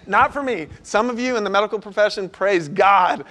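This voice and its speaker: A man preaching a sermon as a pastor, telling a personal story and moving between hushed passages and loud, urgent ones. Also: high voice, brisk.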